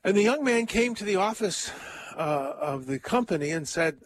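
A man preaching a conversational homily as a priest, thinking aloud with frequent pauses, ums and restarts. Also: high-pitched, lively intonation, slight background noise.

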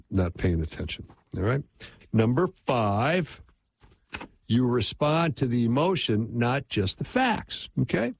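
A man's voice: lowish voice, a little mellow, husky. A man teaching relationship advice in a casual, conversational way, often checking in with his listeners. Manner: conversational, constant "right?" check-ins.

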